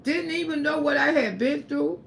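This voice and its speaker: A woman's voice: sits high, normal speed, vocal fry, slight background noise. A woman giving an emphatic, repetitive religious testimony on a livestream. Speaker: livestream host.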